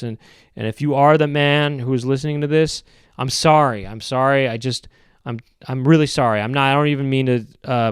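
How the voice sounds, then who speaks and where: A man hosting a podcast, rambling through a comedic monologue in a halting, hesitant way with many restarts and drawn-out phrases. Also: mid-range voice, smooth, no echo, studio quality. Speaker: podcast host.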